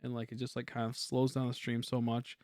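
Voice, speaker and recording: A young man chatting casually on a game stream, quiet and rambling, humming between thoughts. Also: mid-range voice, completely flat delivery, fairly quick, no room sound, clean studio sound. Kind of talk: casual livestream chat while gaming.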